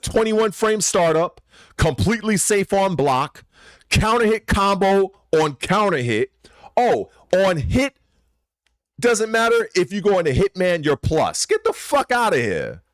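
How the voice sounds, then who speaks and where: A man in an exasperated gaming rant, cursing freely and jumping from loud outbursts to low grumbles. His pitch swings widely while his delivery stays unhurried. The sound is dry and close. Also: no echo. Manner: profane, exasperated, swings between shouting emphasis and muttering. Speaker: channel host.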